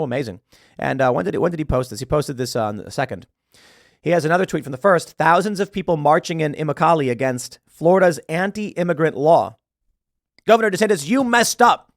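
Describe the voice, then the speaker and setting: Male commentary host, somewhat high voice, emphatic and scornful, reads headlines, dry close recording. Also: no echo. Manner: emphatic, scornful, stumbles over words. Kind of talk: opinionated political commentary, reading headlines.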